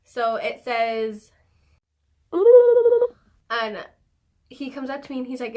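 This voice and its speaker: A woman's voice: on the high side, moderate pace, pauses often, sharp tone. A young adult woman telling a story in casual vlog style, chatty and profane, full of fillers. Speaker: vlogger.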